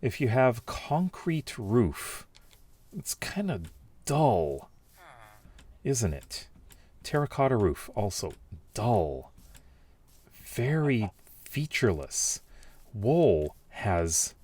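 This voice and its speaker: A man's voice: mid-range voice, very animated, slow, darkish tone, no room sound. A man casually reading out and reacting to viewer comments, rambling with many fillers and restarts. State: has the hiccups.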